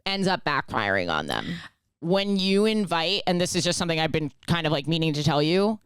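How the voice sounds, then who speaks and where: A woman's voice: low-pitched, very animated, fairly quick, clear, resonant tone, no room sound. A woman co-hosting a podcast in casual chat, giving blunt, opinionated advice. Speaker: podcast co-host. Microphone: studio microphone close up.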